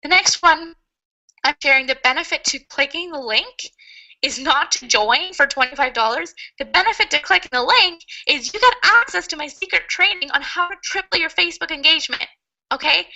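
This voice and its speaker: A woman's voice: high-pitched, expressive, a little fast, bright, forceful tone, low-quality recording. A woman teaching a webinar lesson in an upbeat, chatty way, laughing often. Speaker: online marketing coach.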